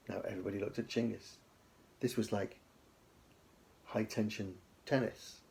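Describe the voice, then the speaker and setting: A man, an author, reads his children's book aloud in an easygoing storytelling manner, dropping in casual asides. His voice has a gravelly, husky texture. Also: on the low side, normal speed, warm tone. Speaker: author leading a writing lesson.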